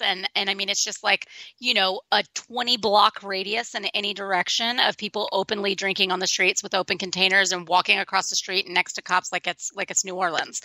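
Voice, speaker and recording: A woman's voice: medium pitch, creaky, pushed and bright, dry recording, low-quality recording. A woman in casual chat as a co-host, rambling with lots of fillers and laughing easily. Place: Austin, Texas.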